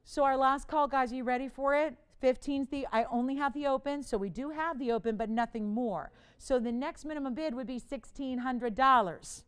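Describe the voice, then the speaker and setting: A woman hosting a live TV jewelry shopping show, pitching an auction in a chatty, playful way, laughing often and urging bidders on. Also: normal speed, hardly any pauses, clear, resonant tone. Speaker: TV shopping host. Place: TV studio.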